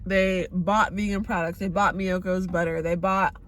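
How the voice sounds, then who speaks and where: A vegan vlogger in her thirties from the San Francisco Bay Area chats casually and candidly, swearing freely. Her voice is on the low side and a bit bright, delivered flatly at normal speed.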